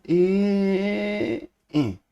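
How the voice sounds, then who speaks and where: A man's voice: sits high, expressive, drawn-out words, dark tone, smooth, lo-fi sound. A man streaming himself coding, chatting casually and thinking aloud as he works. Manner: thinks aloud while working, chatty and loose. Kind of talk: casual live-coding chat.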